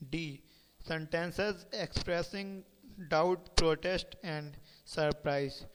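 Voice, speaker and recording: Slow man dictating a lesson. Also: on the high side, fairly even intonation, fairly bright tone, smooth, long reverb tail, rough recording. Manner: dictates headings and spells words letter by letter. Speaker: teacher. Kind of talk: reading a textbook aloud as a lecture.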